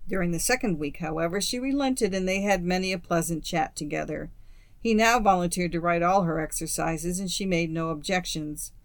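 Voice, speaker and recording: A woman reading a classic story aloud as an audiobook narrator, in a steady, measured way. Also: lowish voice, dry recording. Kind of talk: scripted narration.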